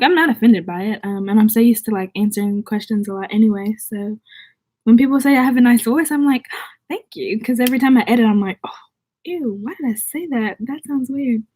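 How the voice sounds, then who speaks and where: A woman's voice: on the high side, a little fast, a little mellow. A young woman from the southern United States without a Southern accent, chatting casually and bubbly on a livestream as she reads viewer comments. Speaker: vlogger.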